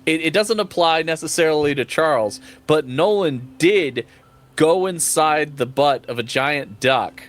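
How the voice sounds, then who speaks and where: Lively, playful man. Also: fairly high pitch, a little slow. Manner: playful and joking, with animated swings. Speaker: player in a tabletop game stream. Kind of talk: casual chat around a tabletop game.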